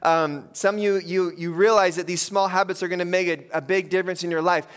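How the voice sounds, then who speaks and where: A man's voice: high voice, steady tone, brisk, fairly bright tone, clean tone. A man preaching a conversational sermon, telling funny stories to his congregation. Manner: conversational, joking storyteller. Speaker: pastor.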